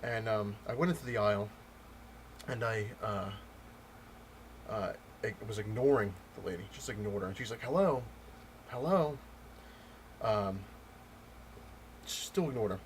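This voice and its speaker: Low-voiced man telling a rambling story. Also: fairly even intonation, a little hiss or hum. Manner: rambling, with many pauses and restarts. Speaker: comic book vlogger. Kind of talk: casual storytelling rant.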